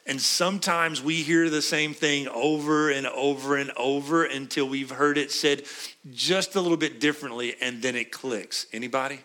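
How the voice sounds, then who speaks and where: A man's voice: medium pitch, fairly even intonation, moderate pace, sharp tone. A middle-aged man preaching a sermon as a pastor, conversational and often asking his listeners questions. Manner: conversational, asks the congregation questions.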